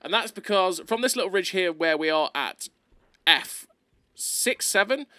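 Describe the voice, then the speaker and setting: A man doing excitable, playful gameplay commentary over a video, laughing often, recorded close on a desk mic. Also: high voice, unhurried, no echo.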